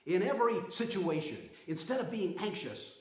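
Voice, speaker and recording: A man's voice: high voice, big pitch swings, moderate pace. Man preaching a sermon in an echoey room. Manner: emphatic preaching with swings from loud to hushed. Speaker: pastor. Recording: roomy echo.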